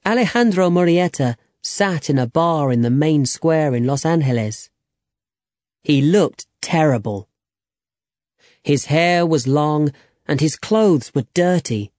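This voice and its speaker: A man narrates a simple graded-reader story in a slow, clear, deliberate way. His voice sits slightly high. The recording is dry and close to the mic. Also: lively intonation, darkish tone, dry recording. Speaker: audiobook narrator.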